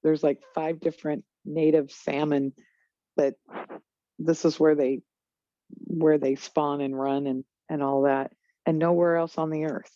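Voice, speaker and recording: Low-voiced woman rambling in casual chat. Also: little pitch movement, unhurried, warm tone, no room sound. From Pacific Northwest of the US. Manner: rambling, hesitant, laughs often. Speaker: co-host. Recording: dull, muffled dry audio.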